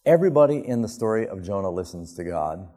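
A male pastor preaching a sermon, telling the story emphatically and with sudden rises in pitch. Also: animated, quick pace, dark tone. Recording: long hall reverb.

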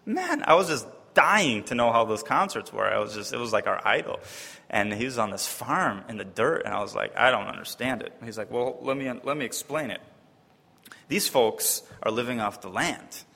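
A man's voice: normal speed, creaky. Man telling a story in a big echoing hall. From Wisconsin. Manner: lively, acts out quoted voices, often pitching up high in disbelief. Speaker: speaker giving a personal testimony. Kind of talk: personal testimony storytelling. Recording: long reverb of a large hall.

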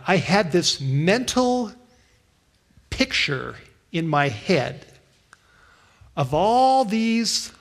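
A man preaching, telling a personal testimony in an earnest way, with frequent restarts. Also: a little high. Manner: earnest storytelling with many restarts. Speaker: pastor. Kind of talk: sermon testimony.

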